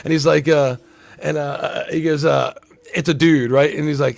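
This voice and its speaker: A podcast host runs a casual livestream discussion show, rambling, swearing, and acting out movie lines. His mid-range voice is creaky and a little fast, with fairly even intonation.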